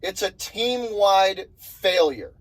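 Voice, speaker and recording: Speaking slowly but expressively in a high-pitched voice, a young man rants with anger about his basketball team in a fired-up sports vlog. The audio is poor, and he swears and repeats himself out of exasperation.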